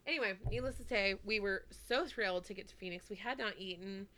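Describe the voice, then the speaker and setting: A woman's voice: mid-range voice, fast, sharp tone, a little hiss or hum. A woman co-hosting a podcast, telling a story in a casual, chatty way, with many "like"s and "anyway"s. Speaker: podcast co-host.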